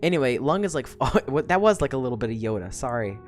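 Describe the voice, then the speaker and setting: A woman's voice: a bass voice, quick pace, faint music behind. A woman streamer casually recapping a story, swearing a lot and laughing often. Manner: profane, animated, laughs often.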